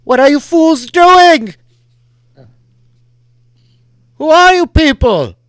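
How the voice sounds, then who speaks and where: Booming alarmed rider in a caged helm, played by a man; high, loud and shouting, game-table voice. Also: very animated, a little slow, clean tone, dry recording, studio quality, exaggerated voice.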